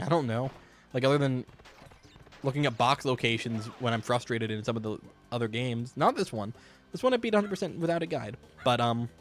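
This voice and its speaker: A man's voice: mid-range voice, a bit bright. A man giving casual, rambling commentary while streaming a game, joking and swearing freely, in a hot room at home.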